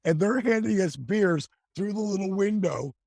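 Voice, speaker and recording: A man's voice: high voice, expressive, moderate pace, vocal fry, darkish tone, no room sound, studio quality. A man telling a long story in a podcast interview, acting out the voices of people he quotes. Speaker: guest.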